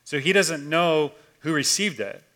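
A man, a pastor, preaching a conversational sermon and telling a story casually, swinging between loud and hushed. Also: fairly high pitch, unhurried.

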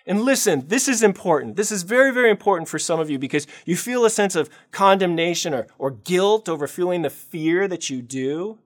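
A man preaching a sermon as pastor, telling the story with animated swings in loudness and acted-out voices. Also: sits high, fairly quick, few pauses. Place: church.

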